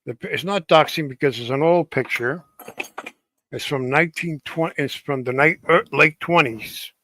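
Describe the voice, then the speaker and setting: A man casually telling a ghost story on a stream, halting often and restarting his sentences. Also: a little high, pushed and bright. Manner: halting, many restarts and fillers.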